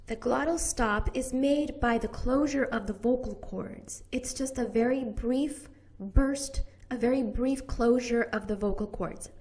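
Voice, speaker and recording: American woman teaching pronunciation, slow and careful, slightly high voice, repeats every sound. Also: darkish tone, faint music behind. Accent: General American. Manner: models sounds slowly and deliberately, repeating each one.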